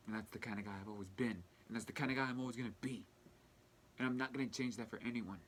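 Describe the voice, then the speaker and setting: A young man talking earnestly in a personal vlog, halting and restarting as he fights back tears. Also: mid-range voice, slight background noise. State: tearful, fighting back crying. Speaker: vlogger.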